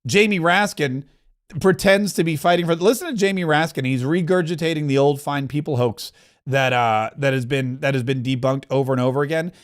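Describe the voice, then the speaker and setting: Fiery high-voiced male political host. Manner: fast, heated ranting with asides. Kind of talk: opinionated political commentary.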